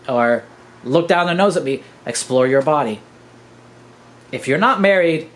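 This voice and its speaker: A man's voice: a little high, rough recording. A man in his fifties, a podcast host, gives an earnest, preachy teaching monologue and keeps calling his listeners "guys". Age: 50s.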